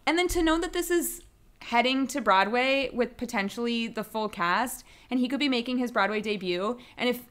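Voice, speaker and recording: A woman's voice: mid-range voice, a bit bright. A woman co-hosting a theatre podcast, chatting enthusiastically about a musical. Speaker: podcast co-host. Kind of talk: casual chat.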